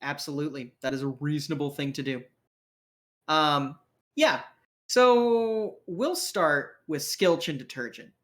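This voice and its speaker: A man's voice: fairly high pitch, unhurried, a bit bright. A man narrating as game master for a tabletop game, casual with many fillers.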